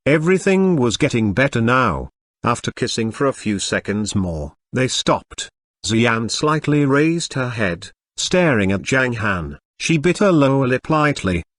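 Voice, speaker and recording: A synthetic male narrator reading a web novel audiobook in a steady storytelling manner. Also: mid-range voice, a little slow, no echo.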